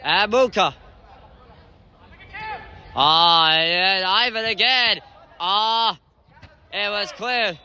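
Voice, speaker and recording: A man calling an indoor soccer match live, his high voice bright and cutting. He speaks at an unhurried pace between bursts of excited shouts and exclamations. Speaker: amateur match commentator. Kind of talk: live play-by-play commentary.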